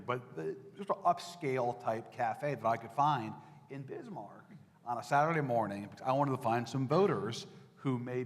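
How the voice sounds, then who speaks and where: A male political reporter recounts his time on the campaign trail to a live audience, loose and conversational, full of asides and restarts. His voice sits at an ordinary middle pitch. A long hall reverb trails behind every word. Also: fairly bright tone. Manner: anecdotal, conversational, with fillers and restarts. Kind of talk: talk to an audience.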